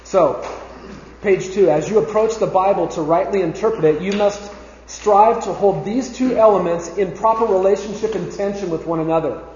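A man's voice: sits high, moderate pace, darkish tone, slight background noise. A man teaching a Bible class in a conversational, emphatic way, often repeating words as he thinks aloud. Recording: echoey, dull room recording.

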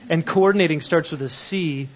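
A man's voice: on the high side, moderate pace, lo-fi sound. A man teaching a Bible grammar lesson, explaining step by step and checking in with questions.

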